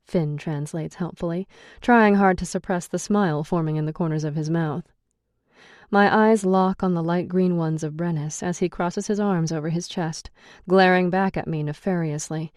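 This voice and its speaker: A woman's voice: on the low side, steady tone, normal speed, a little mellow, no room sound. A woman narrating a first-person audiobook in a wry, sarcastic storytelling manner, close to the mic.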